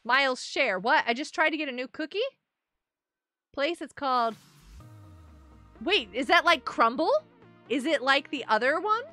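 A woman's voice: high voice, animated, moderate pace, pauses often, sharp tone, faint music behind. A woman streamer chatting casually while playing a game live, giggly and greeting her viewers.

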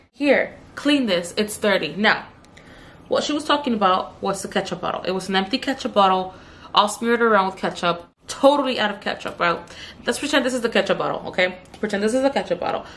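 A young woman tells a story from her job in a loose, chatty way. She drops the odd curse and speaks straight to her viewers. When she acts out what someone said, her pitch jumps up. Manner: animated, acts out the customer's lines with raised pitch; swears casually, addresses viewers as "you guys". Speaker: beauty vlogger telling a story. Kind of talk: casual storytime while doing makeup.

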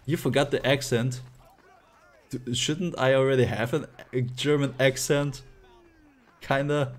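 A man's voice: mid-range voice, steady tone, measured pace. A man streaming live gameplay, playfully chatting with viewers and laughing often.

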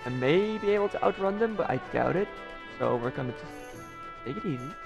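A man's voice: on the high side, animated, fairly quick, gravelly. A young man talking casually over his gameplay, rambling and joking to himself, with game music behind. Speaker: gameplay streamer.

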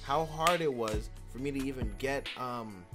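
A man's voice: medium pitch, normal speed, music in the background. A man hosting a casual let's-play, joking, swearing and talking back at the characters on screen. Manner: animated, joking, profane, talks to the game characters. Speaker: gaming channel host.

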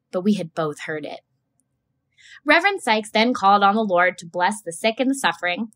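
Teacher lady reading a book out loud to her class, steady, kinda high voice. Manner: steady, clear read-aloud delivery. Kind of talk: reading a novel aloud to a class.

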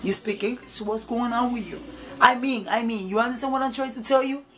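A woman's voice: a little high, brisk, close to an everyday voice. A woman imitating a hostile, scolding young man who preaches on the street.

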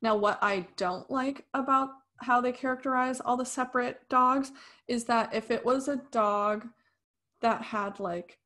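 A young woman co-hosting a podcast, reviewing a film in casual, animated talk with opinionated and sarcastic asides. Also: on the high side, unhurried. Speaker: podcast co-host.

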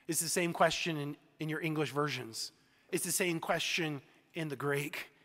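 A man preaches in a high, bright voice, building emphatic repeated phrases. His words carry through a church sanctuary with a long, echoing reverb. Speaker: pastor. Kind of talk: sermon.

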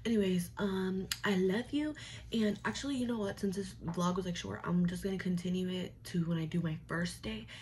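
A woman's voice: medium pitch, brisk, darkish tone, a little hiss or hum. A young woman chatting casually to camera in her vlog, talking straight to her viewers and now and then dropping into a whisper. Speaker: vlogger. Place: home and club dressing room.

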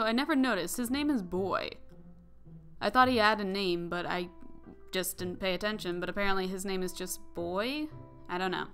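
A woman's voice: medium pitch, fairly bright tone. A young woman hosting a game playthrough, chatting casually with rambling, giggly asides. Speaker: gaming channel host. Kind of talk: casual let's-play commentary.

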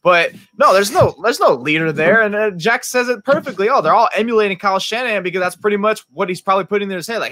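A man's voice: sits high, lively intonation, quick pace, few pauses, sharp tone, no room sound. A man on a sports podcast panel, talking in a blunt, exasperated and mocking way. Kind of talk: heated sports talk.

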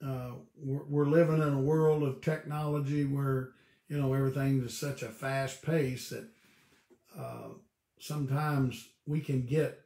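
Gravelly pastor teaching Bible study. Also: male voice, mid-range voice, mellow, reverberant. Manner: folksy storytelling, halting restarts.

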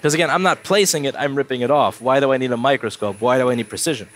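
A man's voice: medium pitch, quick pace, fairly bright tone, slight background noise. Blunt, stuffed-up man at a repair bench. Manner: blunt, swears when annoyed. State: stuffed up with a cold. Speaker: repair technician. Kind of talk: casual repair walkthrough. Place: repair workbench.

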